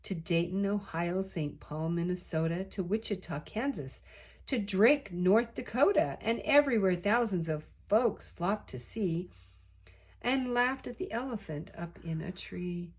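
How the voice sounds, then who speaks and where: Grandmother storyteller, slow expressive read-aloud, animated pitch. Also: breathy edge. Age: older. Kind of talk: reading a picture book aloud.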